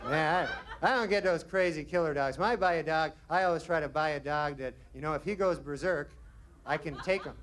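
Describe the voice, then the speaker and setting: A man doing a stand-up routine on a comedy club stage, rambling in a deadpan way with odd asides. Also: a little high, fairly quick. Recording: noisy live recording with crowd.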